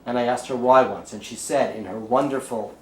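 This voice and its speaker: A man's voice: mid-range voice, steady tone, brisk, a little mellow. Middle-aged bronx guy giving a jokey talk, echoey room, kinda distant mic. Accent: New York (Bronx). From the Bronx, New York. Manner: chatty, jokey storyteller with audience asides. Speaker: lecturer. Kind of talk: talk to a live audience. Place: lecture room. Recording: roomy sound, from far off, faint background noise.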